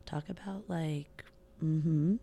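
Female podcast host, thirties, low gravelly voice, bubbly and self-mocking, casual rambling solo chat. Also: fairly even intonation, slow pace, dark tone. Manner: giggly, bubbly, self-mocking, drawling filler-heavy talk. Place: home recording setup in Wisconsin.

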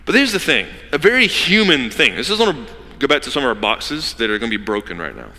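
Animated male pastor in a reverberant hall. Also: medium pitch. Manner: animated storytelling, acting out characters in quick asides. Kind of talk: sermon.

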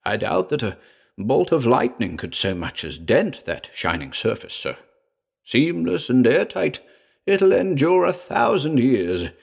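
A man's voice: on the low side, creaky, husky, full character voice. A man voicing an old male vault caretaker who speaks in old-fashioned, pleading tones.

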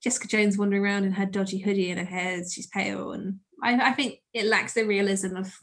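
A woman co-hosting a podcast, talking casually and animatedly, full of "like" fillers and quick laughs. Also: mid-range voice. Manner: chatty, animated, laughs often, many "like" fillers. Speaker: podcast co-host. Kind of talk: casual chat.

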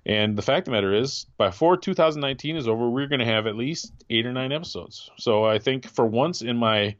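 A man's voice: medium pitch, expressive, brisk, dry recording, highs cut off. A man in his forties co-hosting a podcast, rambling and chatty, often trailing off and restarting. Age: 40s. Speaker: podcast co-host. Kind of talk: casual chat.

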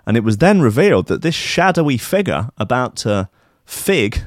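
A man hosting a podcast, telling an absurd comic story in a rambling, deadpan way with many ums. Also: on the low side, normal speed, no echo, studio quality. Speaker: podcast host.

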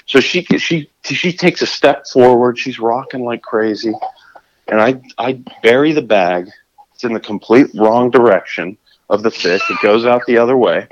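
A man telling a fishing story in a casual, animated way, often restarting his sentences. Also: medium pitch, normal speed, dull audio. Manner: animated, acts out his own shouts and scrambles with restarts.

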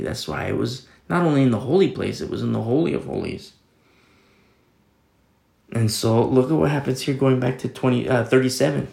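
A man's voice: mid-range voice, gravelly, a little mellow, roomy sound. A man preaching a sermon in a casual, conversational way, reading scripture and explaining it with everyday fillers. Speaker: pastor.

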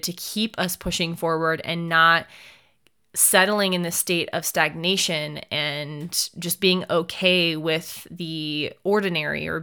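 A woman's voice: lowish voice, a bit bright, clear, resonant tone. A young woman pageant coach talking alone on her podcast, giving direct, motivational advice with lots of rhetorical questions. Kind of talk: solo podcast talk.

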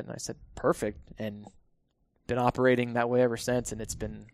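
A firefighter guest telling stories in a relaxed podcast conversation, laughing often and restarting his sentences. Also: medium pitch, a little fast, dry recording, clean studio sound.

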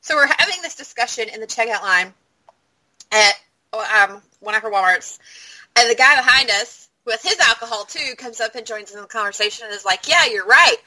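A woman's voice: a little high, fairly quick, pushed and bright, poor audio. A woman co-hosting a podcast, telling stories in a chatty way and going off on playful rants. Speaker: podcast co-host. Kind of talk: casual chat.

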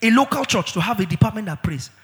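A male pastor preaching with emphatic swings, bursting into shouts and stretching words slowly for weight. His voice sits high and rings bright, with a very animated pitch. It echoes with the long reverb of a church hall. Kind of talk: sermon.

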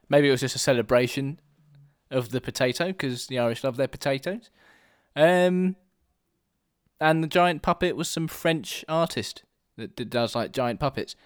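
A man's voice: mid-range voice, smooth, no echo. A man co-hosting a casual quiz chat, joking and laughing as he reacts. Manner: giggly, joking, quick reactions. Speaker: podcast co-host. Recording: music playing under the voices.

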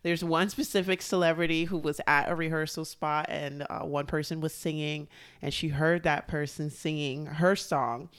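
A young woman with a notably low, smooth and clear voice. She co-hosts a casual podcast chat, speaking earnestly and backing her partner with quick agreement. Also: fairly even intonation. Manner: earnest, lots of short agreeing replies. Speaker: podcast co-host.

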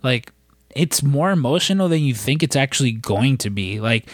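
A man's voice: medium pitch, expressive, normal speed, no echo. An American man hosts a laid-back podcast chat, winding through long stories and cursing freely. His voice sits in a dry, close-miked space. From United States. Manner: rambling, swears often. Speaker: podcast host. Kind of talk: casual chat.

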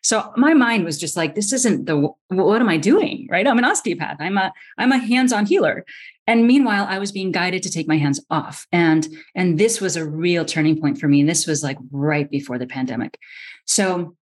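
Animated woman telling a story. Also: lowish voice, moderate pace. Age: middle-aged. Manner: lively, acts out quoted voices, frequent restarts. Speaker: osteopathic physician guest. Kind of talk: animated storytelling in a podcast interview.

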